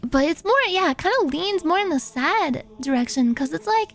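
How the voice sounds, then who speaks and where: Brief: woman streamer, high voice, playful and animated, casually swearing while reading viewer posts. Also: moderate pace, soft background music. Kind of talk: casual livestream chat, reading viewer submissions.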